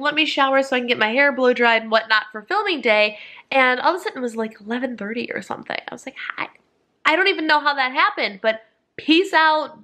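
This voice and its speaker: A young woman vlogger chats about food in a bright, mid-range voice. She's upbeat and rambling, full of fillers, and a little out of breath.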